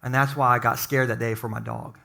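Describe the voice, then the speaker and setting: A man voicing a lonely widowed older woman next door who seems grumpy but is really sad. He speaks in a low, soft, halting voice. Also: lively intonation.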